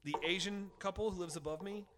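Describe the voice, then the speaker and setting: A man's voice: sits high, fairly quick, noisy background. A man hosting a casual podcast, rambling through profane stories and laughing as he tells them. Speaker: podcast host.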